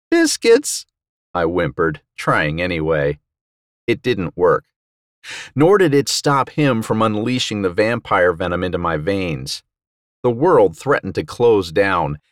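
A man narrating an audiobook in the first person, wry and sardonic, with loud outbursts and muttered asides. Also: on the low side, no echo, clean studio sound.

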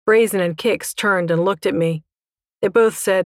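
A woman's voice: mid-range voice, normal speed, no room sound. A woman narrating a first-person story with a wry, dry humor. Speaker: audiobook narrator.

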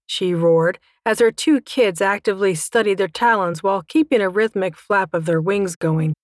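A woman's voice: fairly low pitch, moderate pace, no room sound. A woman narrating a first-person story with a wry, dry humor. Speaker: audiobook narrator.

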